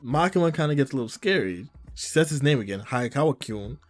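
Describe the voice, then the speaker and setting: A man recapping a manga chapter in a casual way, retelling each scene and slipping into quick quoted lines. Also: on the high side, very animated, soft background music.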